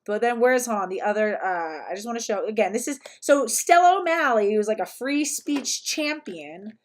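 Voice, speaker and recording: A woman's voice: fairly high pitch, lively intonation, moderate pace. A young woman hosting a casual livestream, talking in a chatty, sarcastic way with lots of "like" fillers. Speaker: livestream host.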